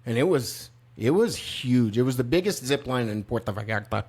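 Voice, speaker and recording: An older man co-hosting a podcast, chatting casually and telling lively stories, with laughs and voice impressions. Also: mid-range voice, a little fast, breathy edge. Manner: animated storyteller, mimics voices and laughs. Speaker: podcast co-host. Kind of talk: casual chat.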